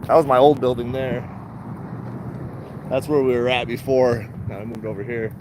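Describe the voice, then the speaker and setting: A man's voice: medium pitch, flat delivery, normal speed, noisy background. A middle-aged man chatting casually to viewers, laid-back and rambling, laughing often. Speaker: stock vlogger. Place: around his retail shop and car.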